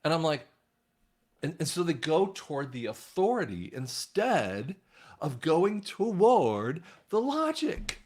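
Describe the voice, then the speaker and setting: A man talking casually to his viewers in a rambling monologue, often restarting his sentences. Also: takes it slowly. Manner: rambling, frequent restarts, animated swings in pitch. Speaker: online commentator.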